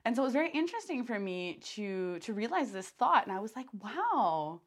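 A young woman runs her own podcast, talking fast in a slightly high voice. She rambles loosely, using plenty of fillers and restarting sentences, and grows animated as she relays her own thoughts.

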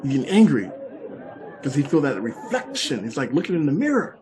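A man doing stand-up comedy, animated and repetitive, talking straight to the audience. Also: a little high, fairly quick. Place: comedy stage. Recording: live show, faint crowd and noise.

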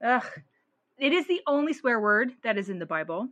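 Bright, laughing woman podcast co-host. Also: a little high, moderate pace. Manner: laughs often, animated and blunt with swearing. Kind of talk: casual chat.

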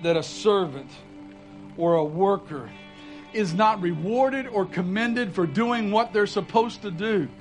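A man's voice: high voice, low-quality recording. A man preaching a sermon as pastor, folksy and conversational, building to urgent repeated emphasis.

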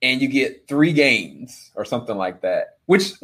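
An easygoing man in his thirties, chatting as a guest at a mid-range pitch. He reminisces loosely and often laughs mid-sentence. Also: very animated, unhurried, fairly bright tone, husky. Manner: easygoing, laughs while talking. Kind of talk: casual chat.

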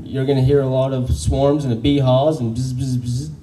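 A man giving a hyped, rallying stage pitch and quizzing the crowd. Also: little pitch movement, brisk, dark tone, recorded from a distance, low-quality recording. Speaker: pitch presenter. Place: large event room in Austin.

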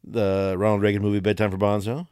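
A man's voice: fairly low pitch, level tone, fast, darkish tone, clear, resonant tone, no room sound, studio quality. A man co-hosting a podcast, joking and rambling in casual banter, sometimes breaking into mock singing and impressions. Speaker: podcast co-host.

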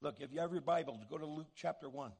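A man pastor preaching a sermon in an animated way, acting out the voices he quotes. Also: on the high side, quick pace, creaky, husky.

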